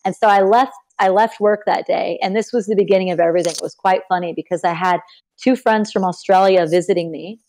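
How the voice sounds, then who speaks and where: Animated young woman telling stories. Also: a little fast. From Texas. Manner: animated, acts out quoted people with big pitch jumps. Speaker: podcast guest. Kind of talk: casual storytelling in an interview.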